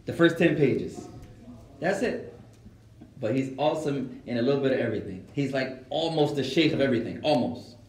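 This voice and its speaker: A man teaching an Islamic class, mixing Arabic phrases into lively storytelling and answering students' questions. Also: medium pitch, moderate pace, slight background noise. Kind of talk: lecture with Q&A. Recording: echoey room.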